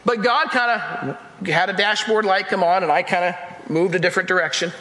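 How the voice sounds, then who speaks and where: The recording catches a male pastor preaching emphatically in an echoey church hall with long reverb. His voice is high, brisk and sharp-toned, and he repeats phrases while speaking straight to the congregation.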